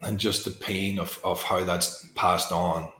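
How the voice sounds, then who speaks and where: A male host, speaking slowly and softly as he reflects emotionally on what his guest shared. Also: deep voice, steady tone, roomy sound, a little hiss or hum. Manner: slow, soft and emotionally reflective. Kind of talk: reflective interview talk.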